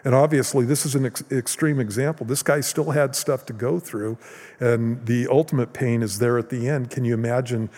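A man pastor preaching a sermon in a conversational way, with restarts and rises in pitch and volume for emphasis. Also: steady tone, normal speed, a little mellow. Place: church hall. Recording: long hall reverb.

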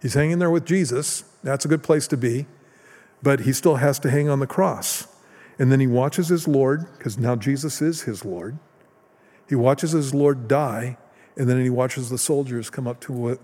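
A man pastor preaching a sermon in a conversational way, with restarts and rises in pitch and volume for emphasis. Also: normal speed, dark tone. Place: church hall. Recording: long hall reverb.

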